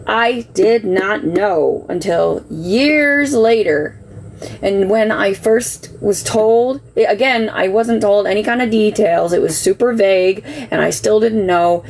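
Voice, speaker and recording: A woman's voice: mid-range voice, gravelly, a little mellow, a little hiss or hum, poor audio. A middle-aged woman telling a personal story on a livestream, earnest and defensive, getting worked up as she talks. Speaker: livestream host. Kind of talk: emotional personal account.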